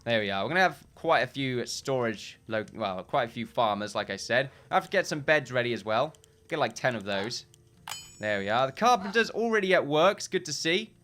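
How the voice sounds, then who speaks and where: A man's voice: medium pitch, expressive, a little fast, a bit bright. Rambling man narrating a game. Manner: rambling, self-correcting, chuckling often. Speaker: gameplay commentator. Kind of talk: casual game commentary.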